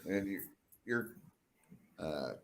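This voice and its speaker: A man's voice: low voice, lively intonation, extremely slow, vocal fry, a bit bright. Man hosting, short agreeable replies. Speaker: live stream host. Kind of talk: casual chat.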